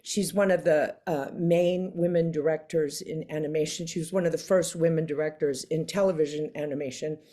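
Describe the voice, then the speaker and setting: An older woman as an interview guest, telling a story in casual chat, animated and acting out the voices she quotes with frequent laughs. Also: low voice, brisk, hardly any pauses.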